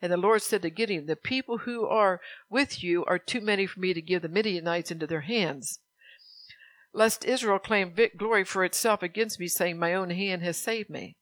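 A woman pastor preaching a sermon. She reads scripture slowly and earnestly and puts direct questions to her congregation. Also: on the low side, no room sound.

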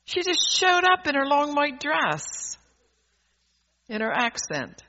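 Fervent high-voiced male preacher. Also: huge pitch swings, slow pace. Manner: fervent, swings from soft asides to loud exhortation; rambling, with restarts and laughter. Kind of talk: sermon. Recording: dull lo-fi recording.

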